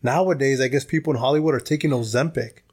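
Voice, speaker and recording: A man's voice: medium pitch, fast, a little mellow, breathy edge. A man co-hosting a podcast in casual chat, rambling and slangy. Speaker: podcast co-host.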